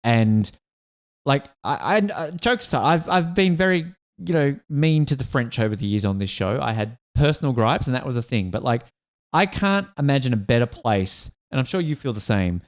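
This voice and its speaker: A man's voice: mid-range voice, expressive, moderate pace. An Australian man hosting a podcast, chatting casually and with enthusiasm, getting emotional and restarting his sentences often. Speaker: podcast host.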